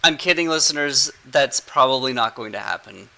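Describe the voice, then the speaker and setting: A man's voice: medium pitch, animated, moderate pace, vocal fry, pushed and bright, low-quality recording. A man hosting a casual podcast chat as game master, playful and rambling, laughing often.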